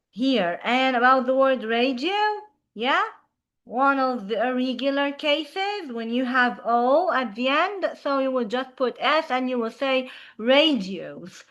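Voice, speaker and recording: Woman, teacher, slow, patient, fairly high voice. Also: a bit bright, muffled recording. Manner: slow, patient explaining with frequent "yeah". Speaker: English teacher. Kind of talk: beginner grammar lesson.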